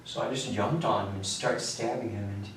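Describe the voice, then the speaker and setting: Flat-voiced man confessing in echoey room. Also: normal speed. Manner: flat, matter-of-fact recounting, voice often trailing low. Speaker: suspect confessing. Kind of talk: police interrogation confession. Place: police interview room. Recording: echoey room, mic far off, faint noise.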